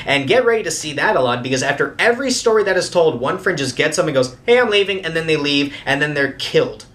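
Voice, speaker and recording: A man giving a casual, comedic movie review, retelling the plot with sarcastic asides and a lot of "like". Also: a little high. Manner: sarcastic, lively retelling, frequent "like".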